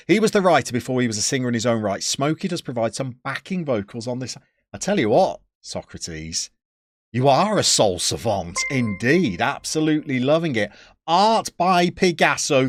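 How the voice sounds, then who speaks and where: A man's voice: medium pitch, a bit bright, dry recording, studio quality. A British man live-streaming a football manager game, chatting casually, reading out viewers' messages and poking fun at himself. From United Kingdom. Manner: chatty, self-mocking, reads out chat.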